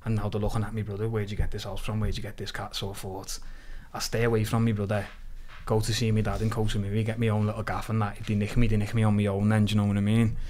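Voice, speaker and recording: A man's voice: on the low side, fast, hardly any pauses, slight background noise. A man on a podcast, telling stories in a casual chat and laughing as he goes. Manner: animated, swears freely, laughs through his stories. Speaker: podcast guest. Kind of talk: casual storytelling.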